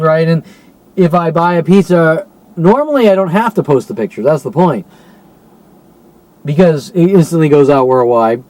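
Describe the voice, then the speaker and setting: A man with a slightly high voice rants straight through a long monologue. He is agitated and profane, and he keeps asking rhetorical questions. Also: expressive, moderate pace, darkish tone, low-quality recording. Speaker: vlogger. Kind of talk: rambling monologue.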